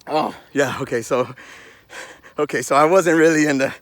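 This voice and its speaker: A man's voice: on the high side, moderate pace, a bit bright, no echo. A man doing a rambling comedy nature-walk vlog, out of breath and sighing between lines. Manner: breathless, rambling, Southern-flavored slang. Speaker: vlogger doing a comedy skit. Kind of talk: casual mock nature vlog.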